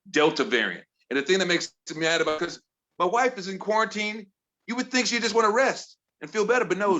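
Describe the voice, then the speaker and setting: Exasperated man from Chicago doing stand-up. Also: sharp tone. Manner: exasperated storytelling, mimics family in higher voices. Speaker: stand-up comedian. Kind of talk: stand-up set. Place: comedy bar with audience.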